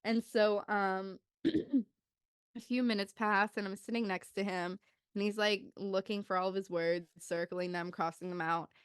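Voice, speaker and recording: A young woman in her twenties tells a story on a podcast in a loose, chatty way. Her voice is smooth and clear, in a mid range, and the sound is close and dry. She jumps way up in pitch when she acts out the children's lines. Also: fairly even intonation, measured pace, dry recording. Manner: loose, chatty telling with many "like"s. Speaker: podcast co-host. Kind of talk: casual storytelling chat.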